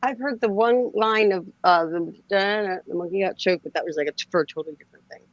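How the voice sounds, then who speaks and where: A woman's voice: medium pitch, fast talker, no echo, lo-fi sound. A woman with a lisp, co-hosting a casual late-night livestream chat, giggling and scattered as she talks. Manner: giggly, scattered, laughing often. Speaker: livestream co-host.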